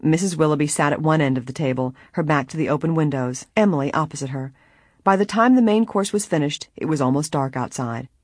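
An audiobook reader narrating a mystery story in a measured way, with a breathy voice. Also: medium pitch, dry recording, studio quality. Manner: measured storytelling, voicing each character. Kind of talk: scripted narration.

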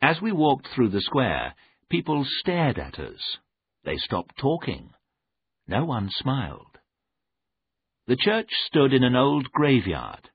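A man reading a story aloud in a measured, deliberate narration. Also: fairly low pitch, breathy edge. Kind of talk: scripted audiobook narration. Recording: narrow phone-like audio.

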